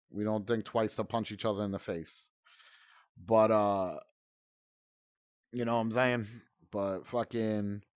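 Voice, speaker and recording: A man's voice: medium pitch, dry recording, studio quality. A middle-aged man from Brooklyn, New York, hosting a gaming channel and ranting heatedly in profane, rambling commentary over gameplay.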